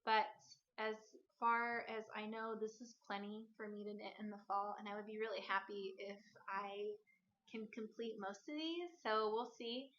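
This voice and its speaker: A woman's voice: mid-range voice, fairly even intonation, moderate pace, fairly bright tone, muffled recording, slight background noise. A woman hosting a knitting podcast, talking casually and rambling a bit as she shows her yarn. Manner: chatty, rambling, with fillers and self-corrections. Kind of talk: casual show-and-tell chat.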